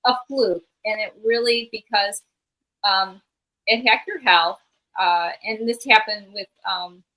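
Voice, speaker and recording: This woman is a guest on a friendly live stream chat, telling a story in a rambling way. Her voice is bright and forceful at a middle pitch, and she often stops and restarts her sentences. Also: unhurried, low-quality recording. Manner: rambling, many fillers and restarts while storytelling. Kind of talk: casual chat.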